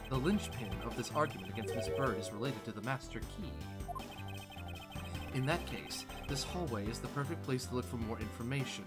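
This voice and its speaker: A streamer voicing a composed, formal male prosecutor who speaks calmly and carefully, with game music behind. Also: mid-range voice, voice pushed down, close to an everyday voice. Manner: calm, measured, formal.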